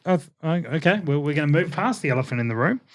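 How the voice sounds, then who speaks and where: A fast-talking man with a slightly high voice and lively intonation co-hosts a podcast. He trades casual, joking banter, pokes fun at himself, and keeps stumbling and restarting his sentences.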